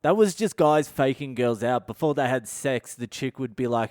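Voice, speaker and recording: A middle-aged man, hosting a comedy podcast with crude, swearing, animated rants. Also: mid-range voice, moderate pace, few pauses, clear, resonant tone, no room sound, studio quality. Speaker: podcast host. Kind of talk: comic monologue.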